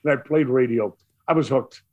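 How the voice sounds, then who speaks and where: An older man from Brooklyn with a New York accent, telling stories as an interview guest in a theatrical, animated way. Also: mid-range voice, normal speed, dull audio. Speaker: radio DJ guest. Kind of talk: storytelling interview.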